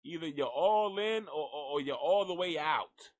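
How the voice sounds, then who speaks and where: A man's voice: on the high side, animated, moderate pace. A man hosting a live gossip stream, rambling and cursing in a jokey, casual way as he signs off. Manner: profane, rambling, jokey, talks to an unseen donkey.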